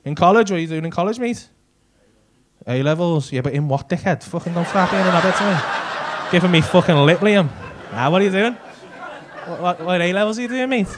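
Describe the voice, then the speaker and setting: A man's voice: high voice, animated, brisk, pauses often. A man doing stand-up crowd work, teasing and swearing as he chats with people in the audience. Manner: teasing, laughing, sweary banter. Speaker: stand-up comedian. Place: comedy club stage. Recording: noisy live club recording.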